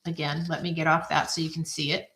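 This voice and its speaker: A woman's voice: low voice, flat delivery, fast talker, a bit bright. Chatty woman demonstrating a craft. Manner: chatty, self-deprecating, thinks aloud while working. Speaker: craft video host. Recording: echoey room.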